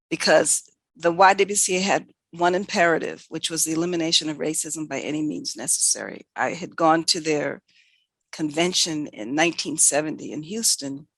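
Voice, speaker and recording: An older woman from New York City, a veterinarian guest telling candid, animated stories from her career with lots of quoted dialogue. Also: low-pitched, no room sound. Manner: animated, self-correcting anecdotes with quoted dialogue. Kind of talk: candid conversational storytelling.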